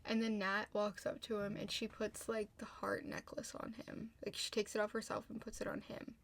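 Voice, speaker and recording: This TV recapper is a young woman speaking at a normal speed in a creaky, medium-pitched voice that barely moves in pitch. She chats casually through the episode, cursing a lot and leaning heavily on "like."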